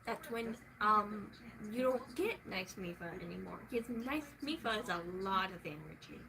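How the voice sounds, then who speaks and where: A young woman venting in a casual vlog, swearing freely and swinging from soft talk to loud shouting. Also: mid-range voice, animated, moderate pace, vocal fry, a crowd in the background, rough recording.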